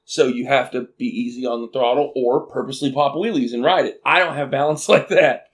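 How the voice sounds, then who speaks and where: A man from Arkansas with a Southern accent, co-hosting a casual podcast chat, animated and laughing often. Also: medium pitch, brisk. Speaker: podcast co-host.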